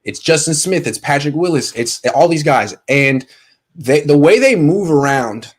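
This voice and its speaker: A man's voice: a little high, expressive, measured pace. A man hosting a casual call-in sports show, joking and rambling through long stories. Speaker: podcast host taking calls.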